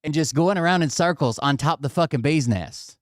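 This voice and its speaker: A man telling a story casually, animated and swearing often. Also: fairly high pitch, brisk, dry recording, clean studio sound. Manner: animated and heavily profane, with laughter. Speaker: vlogger telling a home story.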